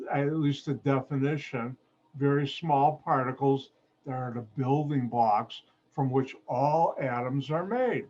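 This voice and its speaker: A man teaching a chemistry class over a video call, with a playful, jokey manner and frequent asides. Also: on the high side. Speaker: chemistry instructor. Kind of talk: online lecture. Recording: muffled video call audio.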